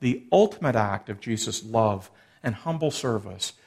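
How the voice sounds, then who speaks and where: A man's voice: lowish voice, expressive, moderate pace, a little mellow. A man preaching a sermon, expounding a passage and acting out the quoted lines with shifting emphasis. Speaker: pastor.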